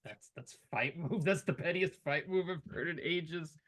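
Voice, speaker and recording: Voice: medium pitch, moderate pace, a bit bright. A game master narrating a tabletop role-playing game in a chatty, teasing way with many fillers.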